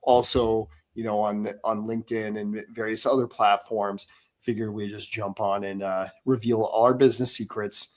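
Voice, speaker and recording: A man's voice: fairly low pitch, little pitch movement, normal speed, a little mellow. A middle-aged man hosting a casual podcast, talking in rambling stretches full of fillers and restarts. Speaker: podcast host.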